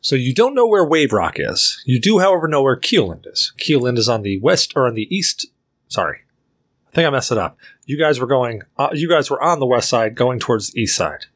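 A man narrating a tabletop role-playing game as game master, in a relaxed way with many fillers and restarts. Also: mid-range voice, a little fast, husky, no echo.

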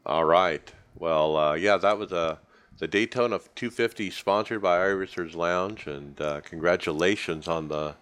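A man hosting a sim racing podcast in a relaxed, casual way, handing topics off to his co-hosts. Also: sits low, normal speed. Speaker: podcast host.

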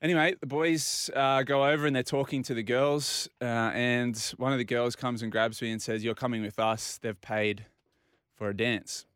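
An Australian man telling a long, animated anecdote on a casual talk show and acting out the other people's lines. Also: mid-range voice, normal speed, clear, resonant tone, no echo, studio quality. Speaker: regular guest. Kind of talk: casual storytelling.

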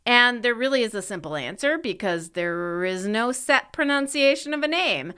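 A middle-aged woman from California co-hosting a podcast, reading her segments in a wry, brisk way. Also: on the high side, lively intonation, sharp tone, smooth. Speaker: podcast co-host. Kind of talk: scripted podcast chat.

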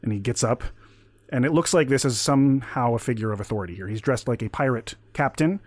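A man's voice: medium pitch, quick pace, no echo. A man narrating a tabletop game as game master, chatty and laughing often. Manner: chatty, laughs while describing.

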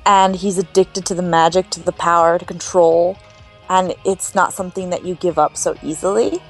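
A woman's voice: fairly low pitch, steady tone, moderate pace, faint music behind. Chatty woman podcast co-host. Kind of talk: casual chat.

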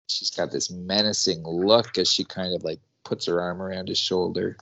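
Low-voiced male co-host, animated storyteller, lo-fi. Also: moderate pace, creaky, few pauses. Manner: animated storyteller, laughs often. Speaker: podcast co-host, teacher. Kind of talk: casual recap chat.

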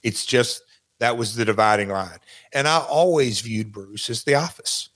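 A man's voice: medium pitch, moderate pace, fairly bright tone. A man speaking as an interview guest, talking casually and rambling with many restarts. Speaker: guest recalling his wrestling career.

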